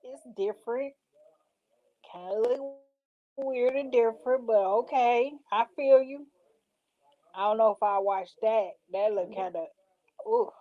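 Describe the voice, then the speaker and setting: A woman's voice: fairly high pitch, a little slow, long pauses, dull audio. A woman in casual vlog chat, reading out show titles and reacting with slangy asides. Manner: chatty, reads titles aloud, slangy asides. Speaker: vlogger reacting to show picks.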